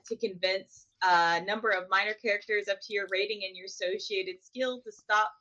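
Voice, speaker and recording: Excitable woman player, lo-fi mic. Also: medium pitch. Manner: excitable, chatty. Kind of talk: playing a tabletop game.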